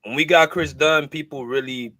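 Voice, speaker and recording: A man's voice: on the high side, fairly even intonation, moderate pace, bright, forceful tone, no room sound. A man hosting a live basketball podcast, laid-back and slangy, speaking to viewers in the chat. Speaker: podcast host. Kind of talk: casual sports chat.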